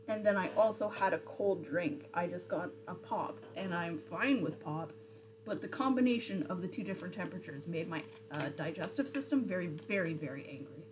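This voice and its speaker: A woman's voice: fairly low pitch, animated, moderate pace, noisy background. A young woman streamer in casual chat, rambling with lots of fillers and answering viewer comments. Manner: rambling, chatty, with frequent fillers and self-corrections.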